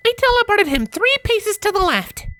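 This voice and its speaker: A man voicing a clever young female unicorn mage with brisk, matter-of-fact, snippy replies in a fan story reading. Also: very high-pitched, big pitch swings, pushed and bright, voice pushed up, full character voice. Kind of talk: audiobook fanfiction reading.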